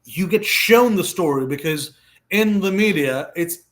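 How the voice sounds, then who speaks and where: Man, emphatic, preachy, repeats himself for stress, somewhat high-pitched. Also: lively intonation, measured pace. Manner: swings between loud stress and soft asides. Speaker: vlogger giving life advice. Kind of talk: earnest monologue to camera.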